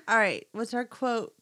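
A woman's voice: a little high, pushed and bright, slightly rough. A woman co-hosting a casual podcast. She is giggly and playful, often laughing and apologizing as she chats with her friend. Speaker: podcast co-host. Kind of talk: casual chat.

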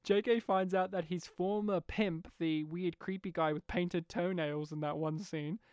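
A woman's voice: lowish voice, fairly even intonation, measured pace, a little mellow, clean tone, dry recording, studio quality. A woman co-hosting a casual film discussion, laughing often and acting out the scenes she retells. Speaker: podcast co-host.

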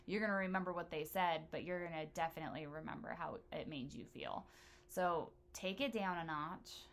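A woman's voice: on the low side, normal speed. A woman hosting a casual chat, telling personal stories in a blunt, profane way.

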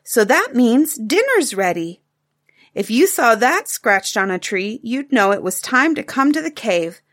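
A woman's voice: fairly high pitch, sing-song, unhurried, fairly bright tone, no room sound, clean studio sound, heavily acted. A woman voicing an eager, chattering little cave girl in a storybook reading.

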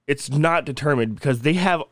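A man's voice: fairly high pitch, moderate pace, dry recording. A young man co-hosting a casual podcast, laughing often and swearing freely as he tells a spooky story. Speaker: podcast co-host.

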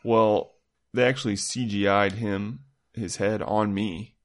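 A man's voice: lowish voice, steady tone, slow. A man in his thirties co-hosting a podcast, joking and teasing, telling tall tales with a straight face. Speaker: podcast co-host. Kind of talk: casual chat.

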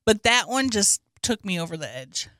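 A woman's voice: medium pitch, very animated, moderate pace, no room sound, clean studio sound. A young woman co-hosting a casual podcast chat, earnest and emotional as she talks. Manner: earnest, emotional, soft-hearted. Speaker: podcast co-host.

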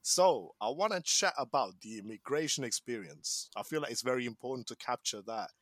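A young man from Sri Lanka hosts a casual chat podcast, playful and teasing as he hypes up his friends. His voice sits at an ordinary middle pitch. The recording is dry, with the mic close and no room sound. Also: lively intonation, fairly quick, a bit bright, dry recording. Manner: joking, teasing, hypes up guests. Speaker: podcast host.

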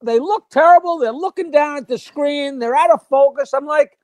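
A man's voice: very high-pitched, moderate pace, a little mellow, no echo. A comedian telling bawdy jokes over a tablet video call in a brash, punchy manner, laughing at his punchlines. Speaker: comedian guest. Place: home setup with lights. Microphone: tablet on a stand.

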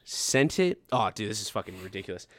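A man's voice: on the low side, very animated, a little fast, fairly bright tone, dry recording. A young man telling a long story in casual podcast chat, swearing freely and acting out how he reacted back then. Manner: swears often, acts out his own past reactions.

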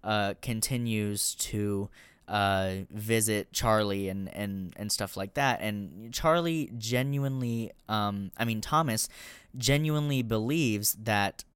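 Young male podcast host, casual film reviewer, low, smooth voice, frank and swears often, close dry mic. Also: takes it slowly, fairly bright tone, no room sound. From Colorado, raised in the US Deep South.

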